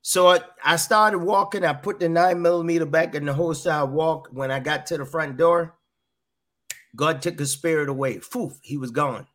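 A man's voice: on the high side, fairly even intonation, normal speed, a bit bright. A middle-aged man giving an earnest personal testimony as a podcast guest, often repeating his phrases. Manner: earnest, repeats phrases, quotes voices in dialogue.

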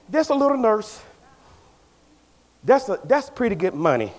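A pastor with a Southern US Black vernacular accent, preaching a folksy call-and-response sermon that builds to shouts. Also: male voice, high-pitched, sing-song, moderate pace, pauses often.

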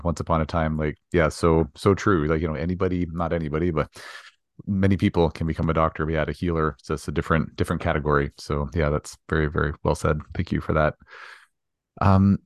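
A man hosting an interview, affirming and relaxed, with frequent fillers. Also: extremely low pitch, no room sound, studio quality. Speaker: podcast host. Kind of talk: interview chat.

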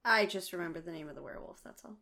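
Woman co-host, bright voice, just explaining stuff matter-of-fact. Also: fairly low pitch, racing. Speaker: podcast co-host. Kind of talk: casual chat.

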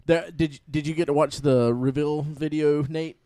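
A man's voice: on the high side, fairly even intonation, moderate pace, warm tone, no room sound. A man co-hosting a casual group podcast, hesitant and full of ums. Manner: hesitant, lots of ums and restarts. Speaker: podcast co-host.

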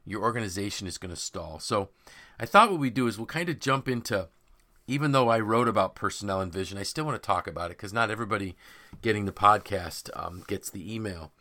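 A man hosting a podcast, talking in an emphatic, animated way and voicing imagined people's quotes. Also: on the low side, fast talker. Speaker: podcast host and author. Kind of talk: conversational podcast discussion.

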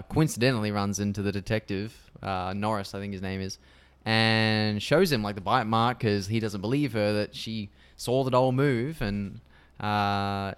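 A man's voice: fairly low pitch, clear, resonant tone. A man co-hosting a podcast, casually retelling a horror film scene by scene and swearing freely. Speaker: podcast co-host.

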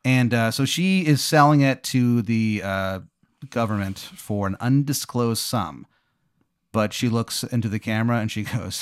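A man improvising a comedic story on a podcast, rambling with lots of fillers in a deadpan way. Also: mid-range voice, measured pace, clear, resonant tone, no room sound, studio quality. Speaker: podcast co-host.

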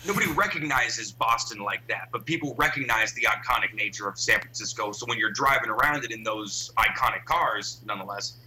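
A man's voice: on the low side, animated, fairly quick, few pauses, pushed and bright, a little hiss or hum, poor audio. A man in a casual movie discussion, thoughtful and rambling with many restarts.

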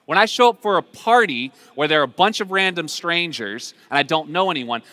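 A man's voice: on the high side, lively intonation, brisk. A man preaching a sermon as pastor, talking in a conversational way with frequent restarts. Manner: conversational, warm asides with repeated restarts. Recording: long hall reverb.

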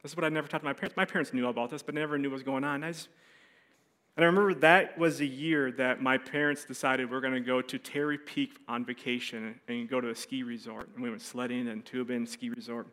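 Bright-voiced storytelling man preaching. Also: mid-range voice, fast. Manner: animated storyteller, acts out voices, drops soft for serious moments. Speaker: pastor. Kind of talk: sermon storytelling.

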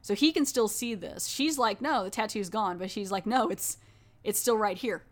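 Brief: woman podcast host, casual recap, chatty with lots of fillers, mid pitch. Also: normal speed. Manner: chatty, filler-heavy, often restarts.

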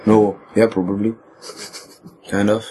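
A man's voice: fairly low pitch, level tone, measured pace, dark tone, breathy edge, rough recording. A man from France with a French accent, chatting casually on a podcast, swearing and joking. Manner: swearing, joking, laughing often. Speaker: podcast co-host. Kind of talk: casual chat. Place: living in Germany.

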